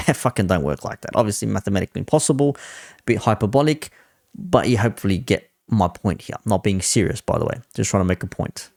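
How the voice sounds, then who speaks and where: A man's voice: fairly low pitch, fast talker, creaky, a little mellow, dry recording, clean studio sound. A man on a football panel, speaking as a Liverpool fan in a blunt, sweary, ranting debate.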